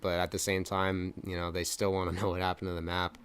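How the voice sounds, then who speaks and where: A man's voice: low-pitched, monotone, quick pace, fairly bright tone, clear, resonant tone. A young man co-hosting a film review podcast, casually retelling scenes with lots of fillers and acted-out lines. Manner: rambling retelling with many fillers, acting out lines. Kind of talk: casual chat.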